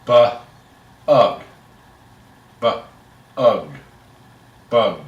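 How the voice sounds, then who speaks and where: A young schoolboy, played by a middle-aged man, sounds out letters one at a time and gives only short, halting replies. He speaks very slowly at a middle pitch. The recording is roomy and picked up from a distance. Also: huge pitch swings, muffled recording, heavily acted. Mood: slow, hesitant. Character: young energetic boy learning to read. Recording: echoey room, distant mic.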